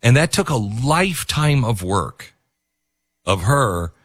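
A man's voice: medium pitch, very animated, slow, a bit bright, slightly rough, no echo, clean studio sound. A man hosting a talk radio show, rambling in casual commentary with many fillers and restarts.

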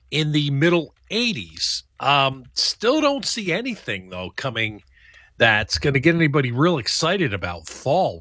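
A man's voice: medium pitch, bright, forceful tone, no room sound. A man giving a casual, conversational weather forecast with plenty of fillers. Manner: loose, conversational, many fillers. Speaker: meteorologist.

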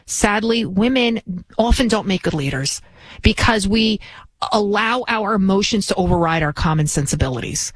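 A woman's voice: medium pitch, lively intonation, moderate pace, no room sound, poor audio. Indignant woman talk radio host. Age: 40s. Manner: indignant, ranting storytelling.

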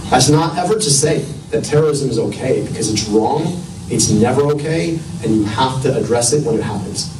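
A man's voice: mid-range voice, animated, normal speed. A man in politics who once worked in medicine, speaking earnestly and searching for words as he thinks. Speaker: politician, former doctor. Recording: distant, echoey, noisy room.

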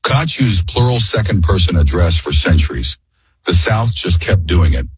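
A man's voice: sits low, animated, normal speed, husky, no room sound, soft background music. A man narrating a scripted explanatory segment in an informative tone.

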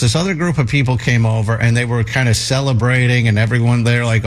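A man in his thirties, a talk show regular, telling a casual anecdote in a rambling way with many fillers and restarts. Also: medium pitch.

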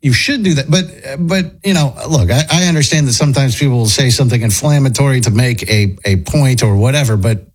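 Husky-voiced man in rambling commentary. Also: mid-range voice, brisk, few pauses. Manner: rambling, opinionated, lots of restarts. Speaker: podcast host. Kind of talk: casual commentary chat.

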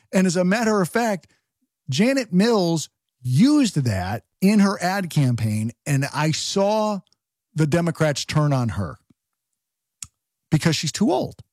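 A man hosting a political talk radio show, talking in an animated, opinionated way and firing off rhetorical questions. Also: fairly high pitch, no echo, clean studio sound.

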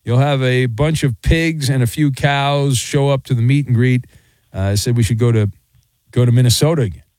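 A man's voice: mid-range voice, darkish tone, dry recording. Teasing sports radio host, man. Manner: teasing, quick banter. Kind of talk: sports talk radio with callers.

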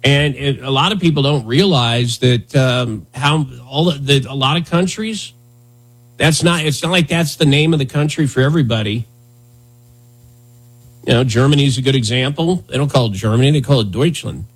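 A man's voice: mid-range voice, normal speed, husky. A man in his thirties hosting a podcast in casual comedic chat, sarcastic and rambling with jokey asides. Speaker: podcast host.

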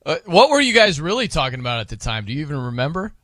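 A male sports radio host with a slightly high, bright voice that rises and falls freely. He banters casually, laughs easily and spins little stories into a close, dry studio microphone. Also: racing, dry recording. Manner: lively, laughing, tells anecdotes.

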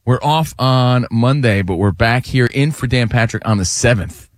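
A man co-hosting a live sports radio show from a studio, quick, jokey and playful. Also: medium pitch, no room sound. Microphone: studio microphone.

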